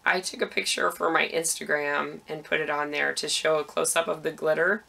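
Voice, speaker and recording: A woman's voice: deep voice, steady tone, moderate pace, creaky, bright, forceful tone. A woman hosting a knitting podcast, chatting casually about her projects with frequent ums, a little out of breath.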